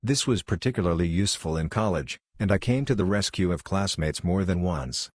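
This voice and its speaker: A man reading online posts aloud as narrator, in a steady, plain storytelling read. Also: low voice, a little fast, no room sound, studio quality.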